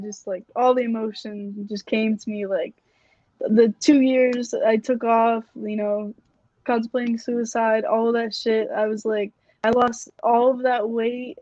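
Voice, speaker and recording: A woman's voice: fairly high pitch, a little mellow. A young woman, a fighter guest in a casual interview, telling her story candidly with plenty of swearing. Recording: dry, dull lo-fi audio.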